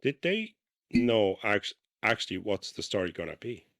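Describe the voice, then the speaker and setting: Male podcast co-host, lowish voice, casual reader who stumbles and restarts. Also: very animated, a bit bright. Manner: reads haltingly with restarts, breaks off to comment. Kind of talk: casual podcast chat, reading a diary aloud.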